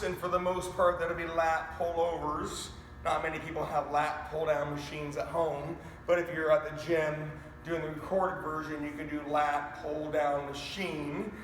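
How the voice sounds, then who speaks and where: A man with a high voice takes his time, leading a home workout in an unhurried, energetic way. He counts out reps and speaks straight to the viewers. The sound is roomy, with a long reverb and a faint hum of ambience behind him. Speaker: fitness coach. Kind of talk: live online workout instruction. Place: garage home gym. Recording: echoey room with faint ambience.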